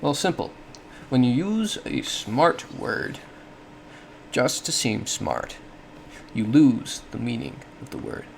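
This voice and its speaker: A man's voice: medium pitch, sing-song, slow pace, vocal fry, a little hiss or hum. A man giving a casual explanatory monologue, thinking aloud with frequent self-corrections and small laughs. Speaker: solo podcast host.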